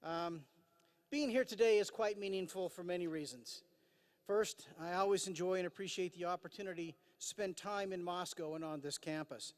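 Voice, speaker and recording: High-voiced man speaking at a podium. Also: moderate pace. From Idaho, USA. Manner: earnest, with dry self-deprecating humor and frequent "uh" fillers. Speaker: commencement speaker. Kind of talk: formal commencement address. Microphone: podium microphone. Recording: long hall reverb.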